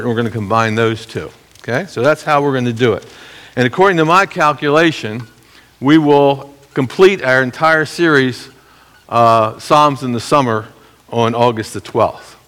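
A middle-aged man teaching a Bible lesson to a congregation, explaining the text in a measured, guiding way. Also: mid-range voice, a bit bright. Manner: measured, explanatory, guides listeners through the text.

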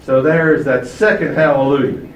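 A man preaching a sermon, emphatic and fond of rhetorical questions, his loudness swinging widely from phrase to phrase. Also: medium pitch, steady tone, normal speed, slight background noise. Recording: echoey room from far off, faint ambience.

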